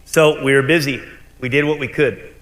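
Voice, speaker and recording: This keynote comes from a middle-aged restaurant owner speaking at normal speed with a medium-pitched, slightly bright voice and fairly even intonation. He tells his story bluntly and with animation, throwing in some swearing, while the large convention hall gives a long reverb.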